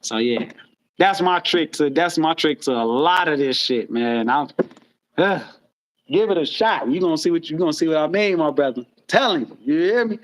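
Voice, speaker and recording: Animated high-voiced man rambling. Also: moderate pace. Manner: rambling, animated storytelling with frequent profanity. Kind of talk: casual chat.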